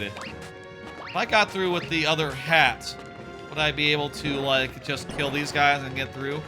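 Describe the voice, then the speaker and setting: Candid swearing male game streamer. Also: on the high side. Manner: candid, swears often, thinks aloud. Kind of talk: casual live-stream commentary while playing. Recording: music playing behind.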